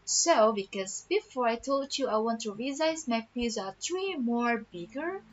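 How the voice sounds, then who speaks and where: A woman teacher explaining a math lesson patiently, repeating each step slowly. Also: a little high, animated, slight background noise. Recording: dull lo-fi audio with faint music.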